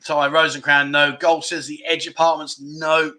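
A man's voice: on the high side, little pitch movement, moderate pace, pushed and bright. A man hosting a casual livestream, reading out viewer guesses and teasing the chat in a jokey way. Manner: jokey, banters with chat, lots of mate and no. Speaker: livestream host.

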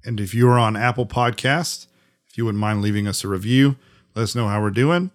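A man's voice: fairly low pitch, a little fast. A man co-hosting a podcast, chatting casually and thanking listeners at the end of an episode. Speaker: podcast co-host. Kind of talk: casual podcast sign-off chat.

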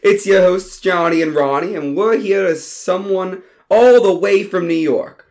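A man voicing Ronnie, a stoned slacker podcast host who is loud, laughing and drawling. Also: high voice, unhurried, slight background noise, pitched above the performer's own voice. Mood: hyped.

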